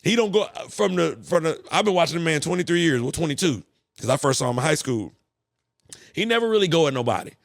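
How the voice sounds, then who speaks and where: Fast-talking profane podcast host, man. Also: a little high, gravelly, no echo, studio quality. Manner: profane, animated ranting. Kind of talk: casual monologue.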